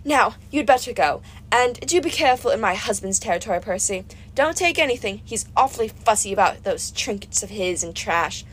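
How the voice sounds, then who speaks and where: A woman's voice: medium pitch, animated, fairly quick, fairly bright tone. A woman voicing a vain, gushing goddess of love in an audiobook reading, in a dramatic, doting manner. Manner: breathy, swooning, dramatic and doting.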